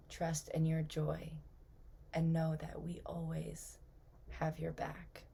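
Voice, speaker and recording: Gentle otherworldly spirit collective, soft and reassuring, low and unhurried, as a woman channels it. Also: gravelly, slight background noise, exaggerated voice. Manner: slow, soft and half-whispered. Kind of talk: spoken channeling message.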